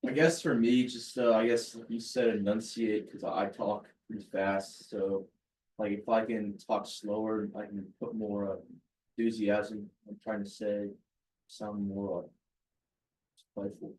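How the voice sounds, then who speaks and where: Brief: low flat male voice, hesitant, distant in the room. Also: unhurried. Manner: soft-spoken, hesitant, many fillers. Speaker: sales rep. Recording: voice from far off the mic.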